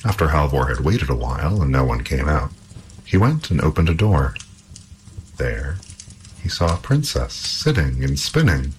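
A man reading an old folk tale aloud in an expressive storytelling manner. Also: rumbling low, normal speed, a little hiss or hum, rough recording.

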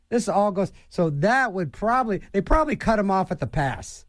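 Wisecracking male radio DJ, lively pitch. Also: normal speed, hardly any pauses, dry recording, clean studio sound. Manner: wisecracking, meandering, with sighs and jokey asides. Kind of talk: rambling radio show banter.

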